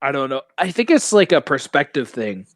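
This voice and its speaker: Animated young Canadian guy chatting. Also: mid-range voice, moderate pace, no room sound. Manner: animated, laughs often, swears casually. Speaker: podcast co-host. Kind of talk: casual movie-watching chat.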